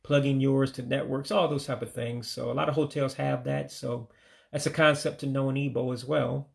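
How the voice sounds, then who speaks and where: An American man giving a casual vocabulary lesson, saying each word slowly, repeating it, then giving its English meaning. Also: mid-range voice, fairly even intonation, vocal fry. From United States. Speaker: language learner teaching vocabulary.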